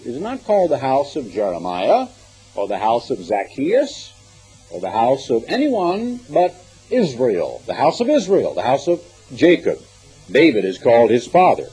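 A man's voice: medium pitch, huge pitch swings, moderate pace, warm tone, slightly rough, low-quality recording. A man preaching a sermon, reading scripture aloud and commenting on it with emphatic, rising and falling delivery.

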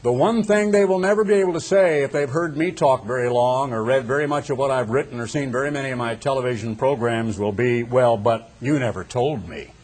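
An older man delivers a sermon in a husky voice of middle pitch. He retells scripture as a dramatic story, slowing down and building up for emphasis. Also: a little mellow. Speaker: preacher.

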